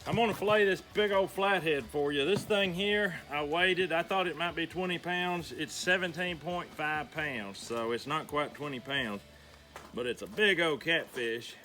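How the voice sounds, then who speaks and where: A man's voice: on the high side, moderate pace, sharp tone. Folksy middle-aged man teaching fish cleaning. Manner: folksy, easygoing step-by-step instruction. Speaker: homestead channel host. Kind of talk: how-to demonstration.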